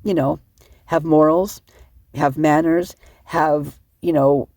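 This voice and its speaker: A woman's voice: low-pitched, fairly even intonation, slow pace, warm tone, dry recording, clean studio sound. A middle-aged woman giving rambling, emotional casual commentary, sleep-deprived and often restarting her sentences. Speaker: online commentator.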